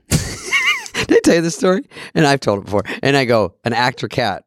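A man's voice: on the low side, normal speed, gravelly, long pauses, no room sound, clean studio sound. A man hosting a casual talk, playful and laughing often as he tells stories. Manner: playful, laughs often, quotes others in a flat voice. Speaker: podcast host. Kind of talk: casual chat.

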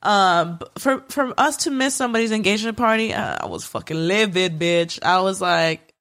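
Here a young woman, one of a podcast's co-hosts, spins an animated tale in relaxed chat at normal speed. Her voice is mid-range, and the story is full of fillers and casual swearing.

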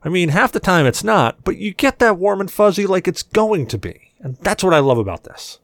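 A man's voice: high-pitched, big pitch swings, a little fast, no echo. A man hosting a podcast in crude casual chat, rambling, enthusiastic and full of swearing. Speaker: podcast host.

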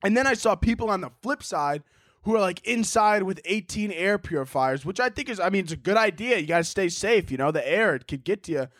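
A young man hosting a casual solo podcast from home, ranting in a profane, animated way and mocking people with quick impressions. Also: high voice, no echo, studio quality. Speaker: podcast host. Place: indoors at home.

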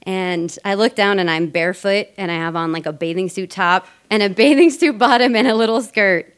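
A woman's voice: mid-range voice, normal speed, smooth. A woman from Colorado telling a personal story on stage, chatty and casual, laughing often. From Colorado, USA. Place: theater stage before a live audience.

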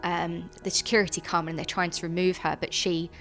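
Young adult woman, lower register, earnest and hesitant interviewee, soft music underneath. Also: flat delivery. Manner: earnest, halting, with frequent ums and restarts. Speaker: interviewee, sister of a convicted man. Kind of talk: personal account in an interview.

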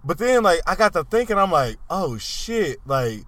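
Bright high-voiced man, casual and profane. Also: big pitch swings, brisk, no echo. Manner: loose and profane, laughs through his stories. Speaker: podcast co-host. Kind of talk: casual chat.

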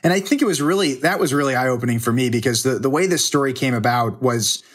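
A man's voice: mid-range voice, quick pace. A man who works as a TV news reporter, a guest on a remote call, talking casually and hesitantly with many restarts. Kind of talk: casual interview. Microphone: remote connection.

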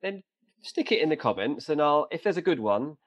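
A man co-hosting a casual football podcast, chatty and relaxed. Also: fairly high pitch, a little fast, no echo. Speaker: podcast co-host.

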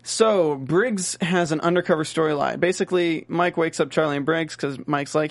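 A man's voice: on the high side, moderate pace, no room sound. A man co-hosting a podcast, casually retelling a show's plot with fillers and quoted asides. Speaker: podcast co-host recapping a show. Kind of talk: casual chat.

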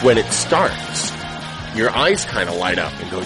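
A man's voice: fairly low pitch, big pitch swings, a little slow, over music, a crowd in the background. A man who is a devoted sports fan, speaking earnestly and fervently in an interview. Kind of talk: interview storytelling.

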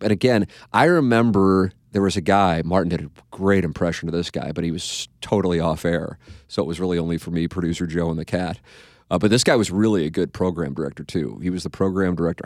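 A man's voice: sits low, darkish tone, no room sound, studio quality. A man hosting a podcast in casual chat, rambling and profane, trailing off into asides. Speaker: podcast host.

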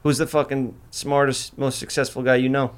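A man's voice: medium pitch, little pitch movement, moderate pace, clean tone. A young man hosting a podcast in a loose, boastful way, swearing freely and talking over the others. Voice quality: brash, profane, boastful. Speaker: podcast host. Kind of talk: casual chat.

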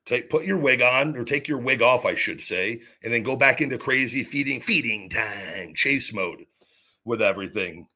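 A man's voice: mid-range voice, lively intonation, moderate pace, pushed and bright. A man hosting his own podcast, delivering a heated, profane rant full of repeated restarts. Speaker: podcast host. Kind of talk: podcast monologue.

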